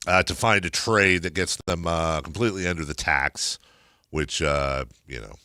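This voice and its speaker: A man's voice: low-pitched, moderate pace, sharp tone, no echo. A man hosting sports radio, chatting casually and rambling with lots of fillers. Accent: American. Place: radio studio. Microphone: studio microphone.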